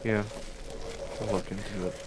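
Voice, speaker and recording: Low-voiced puzzled man in a noisy room. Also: flat delivery, normal speed. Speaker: podcast co-host. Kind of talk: casual banter.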